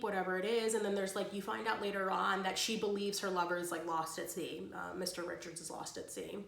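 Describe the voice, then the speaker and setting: Casual female vlogger summarizing a story, mid pitch, chatty and loose, slangy; roomy echo. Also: fairly even intonation, a little fast, creaky, hardly any pauses, a bit bright, a little hiss or hum. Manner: rambling, slangy, filler-heavy. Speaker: book vlogger.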